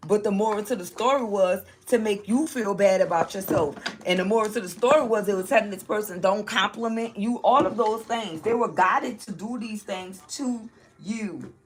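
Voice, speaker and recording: A woman's voice: mid-range voice, moderate pace, slight background noise. Emphatic woman reading tarot. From New Orleans, Louisiana. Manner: emphatic, repeats lines, frequent "okay?" check-ins; rummages through cards while talking. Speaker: tarot reader.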